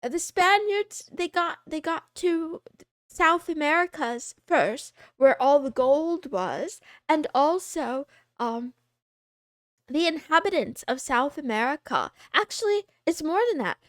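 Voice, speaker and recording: A woman's voice: high-pitched, no echo, clean studio sound. A woman in her twenties chatting casually on a livestream, rambling and giggly, often poking fun at herself. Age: 20s. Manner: rambling, giggly, self-deprecating. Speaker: streamer.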